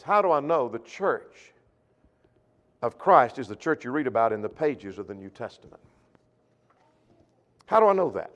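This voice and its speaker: A man preaching a sermon, emphatic, slowing on key points and asking rhetorical questions. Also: mid-range voice. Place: church auditorium. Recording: long hall reverb.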